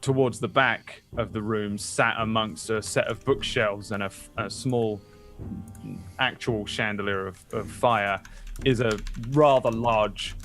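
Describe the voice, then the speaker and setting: A man's voice: lowish voice, fairly even intonation, measured pace, fairly bright tone, faint music behind. A man narrating as game master of a tabletop game, casual and full of fillers.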